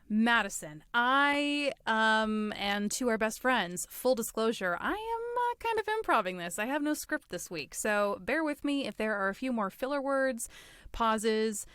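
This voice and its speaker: A woman's voice: a little high, big pitch swings, a little slow, fairly bright tone, clean tone, dry recording. A woman co-hosting a podcast in casual chat. She talks playfully, rambles and laughs often. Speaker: podcast co-host.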